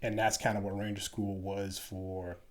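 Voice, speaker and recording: A man in an interview, recounting his time as an Army officer in a relaxed, rambling way with many fillers. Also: lowish voice, moderate pace, slight background noise. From Chicago. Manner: relaxed, many fillers, acts out quoted dialogue. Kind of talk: casual storytelling.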